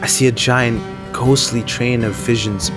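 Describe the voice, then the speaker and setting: A man's voice: mid-range voice, steady tone, measured pace. Man narrating a drama in anxious, self-mocking first person. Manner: anxious, self-deprecating inner monologue. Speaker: narrator and lead character. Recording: faint music underneath.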